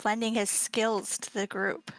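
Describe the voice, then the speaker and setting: A woman's voice: medium pitch, little pitch movement, a little slow, dry recording, rough recording. A woman playing in a tabletop game, teasing the others and describing what her character does. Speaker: player. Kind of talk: casual tabletop play.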